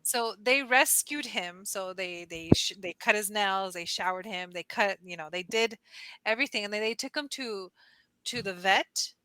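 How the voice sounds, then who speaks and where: A woman's voice: moderate pace, smooth, dry recording, poor audio. A woman tutoring English over a video call, telling stories in casual chat, leaning on "like" and acting out quotes in squeals. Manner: animated storyteller, acts out quotes in high squeals; heavy use of "like" as filler. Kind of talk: casual conversation lesson.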